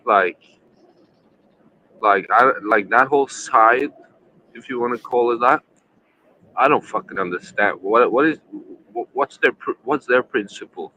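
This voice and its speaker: Profane tipsy man chatting, bright voice. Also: medium pitch, unhurried, long pauses, a little hiss or hum, low-quality recording. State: still drunk. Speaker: livestream panel host. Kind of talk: casual drinking chat.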